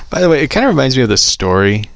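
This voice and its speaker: A man's voice: medium pitch, huge pitch swings, fast talker, vocal fry, dry recording. Male host, casual storyteller, laughs often, dry close sound. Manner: laughs through his stories, chatty. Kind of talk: casual storytelling and reading aloud.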